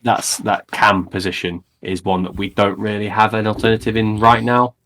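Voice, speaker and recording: A man's voice: lowish voice, flat delivery, moderate pace, a bit bright. A man co-hosting a football podcast, thinking aloud in casual conversation. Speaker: podcast co-host.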